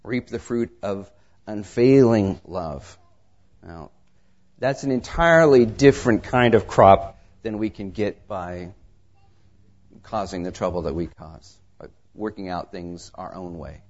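A man preaching a sermon, reading scripture and telling stories, his delivery swinging between quiet asides and raised emphasis. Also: lowish voice, unhurried. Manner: tells anecdotes with acted dialogue. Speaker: pastor. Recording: dull lo-fi sermon recording.

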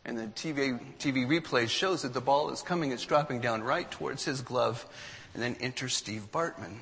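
A man with a bright, ringing voice tells a story with lively emphasis, slipping into the voices of the people in it. His speech carries the long reverb of a large hall. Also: medium pitch, moderate pace, vocal fry. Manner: animated storyteller, acts out quotes. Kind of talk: storytelling talk to an audience.

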